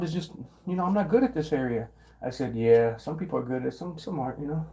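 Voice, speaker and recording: A man's voice: medium pitch, expressive, quick pace, mellow. Rambling man telling a work story. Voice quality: occasional throat clearing and coughing. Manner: rambling, repeats words and restarts, mimics coworkers in quotes. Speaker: vlogger. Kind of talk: casual storytelling monologue.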